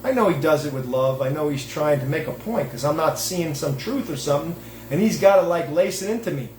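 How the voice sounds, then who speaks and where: A man's voice: fairly high pitch, lively intonation, fairly quick, a little mellow. Emphatic rambling man, echoey room. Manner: emphatic, digressive, many restarts and fillers. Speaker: host and self-styled rabbi. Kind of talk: rambling religious monologue with reading aloud. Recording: echoey room with faint background noise.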